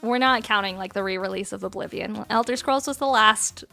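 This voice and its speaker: A woman's voice: mid-range voice, fairly quick, vocal fry, pushed and bright, faint music behind. A woman in her thirties chatting casually on a livestream, playful, laughing often and swearing freely. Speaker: streamer.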